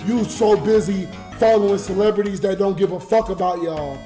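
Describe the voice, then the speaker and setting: A man's voice: sits high, fairly even intonation, normal speed, dark tone, faint music behind. A drunk man livestreaming to his chat, crying and ranting in an emotional, slurred way. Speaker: livestreamer and YouTube comedian.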